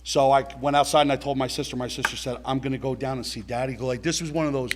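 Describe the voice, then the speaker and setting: A man's voice: mid-range voice, fairly even intonation, fast, hardly any pauses, a little hiss or hum. A middle-aged man telling a blunt personal story at a recovery meeting, swearing and talking straight to his listeners.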